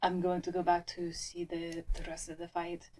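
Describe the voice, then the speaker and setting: A woman playing a tabletop game, speaking hesitantly and softly. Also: lowish voice, monotone, normal speed, distant mic, rough recording. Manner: hesitant, soft-spoken. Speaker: player.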